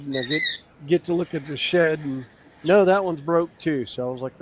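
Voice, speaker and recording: A man's voice: on the high side, moderate pace, heavy background noise. A man chatting casually as a live stream host, telling rambling stories full of fillers and restarts. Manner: rambling, filler-heavy storytelling. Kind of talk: casual chat.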